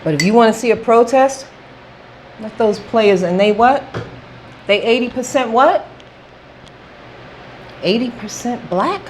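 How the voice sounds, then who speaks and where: Woman vlogging her opinion, slow and pointed, kinda high voice, keeps going "okay?". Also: lively intonation, slight background noise, poor audio. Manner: emphatic, repetitive, often asks "okay?". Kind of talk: casual opinion monologue to camera.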